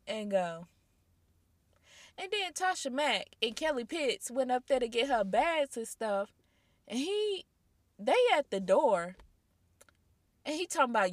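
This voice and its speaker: A woman with a high-pitched voice gives casual, animated commentary at normal speed, speaking directly to her audience. She tosses out rhetorical questions and incredulous asides, and the recording is dry.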